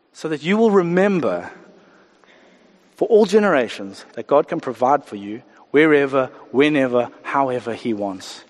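A man preaching a sermon, animated, acting out the voices of the people he talks about. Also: mid-range voice, moderate pace, big-room sound. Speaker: pastor.

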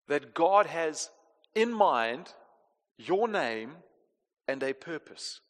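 A man preaching a sermon as pastor, swinging between emphatic and hushed delivery. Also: fairly high pitch, expressive, takes it slowly. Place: church hall. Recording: long reverb of a large hall.

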